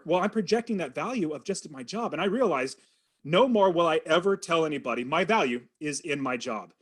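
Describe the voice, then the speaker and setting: Earnest guy in his 40s telling his story on a podcast, kinda high voice, gets really into it. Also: fairly quick, breathy edge. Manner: earnest, animated storytelling with quoted inner thoughts. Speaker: podcast guest, real estate investor. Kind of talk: storytelling in an interview.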